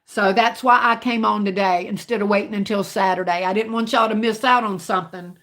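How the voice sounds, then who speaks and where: A woman's voice: medium pitch, fairly even intonation, a little fast. Twangy Southern country woman, livestream chat. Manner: chatty, warm with viewers, calls them baby and honey. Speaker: livestream host. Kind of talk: casual live chat reading viewer comments.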